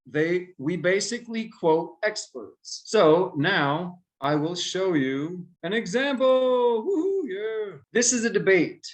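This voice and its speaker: A man teaching a class of children how debate works, with a slightly high voice. He keeps asking his students questions and acts out short examples as he explains. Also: sing-song, slow, poor audio.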